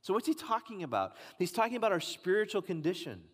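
A man's voice: high-pitched, big pitch swings, fast, breathy edge. A man preaching a sermon as pastor, emphatic and pressing his points with repetition. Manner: emphatic preaching, rising and pressing on key lines. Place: church sanctuary. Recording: long reverb of a large hall.

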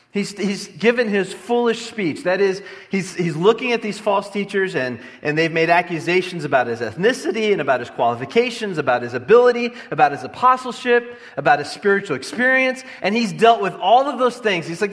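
A man preaching a sermon as a pastor, passionate and emphatic, swinging from loud lines to quiet, low ones. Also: expressive, a little fast, hardly any pauses. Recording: long hall reverb.

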